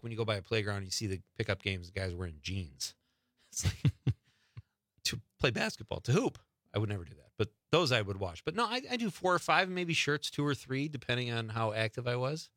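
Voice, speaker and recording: A man hosts a late-night radio show, talking casually and cracking jokes with his guest. His voice swings up and down with a bright, crisp edge. The studio sound is dry and close. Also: medium pitch, brisk, no echo. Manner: joking, loose and animated. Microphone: studio microphone.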